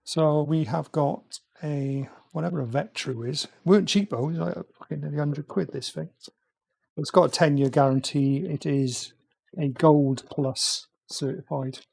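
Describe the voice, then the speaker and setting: A man muttering quietly to himself as he chats casually on a live stream, talking through a build. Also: a little high, fairly even intonation, unhurried, gravelly, breathy edge, no echo. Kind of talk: casual live-stream chat while working.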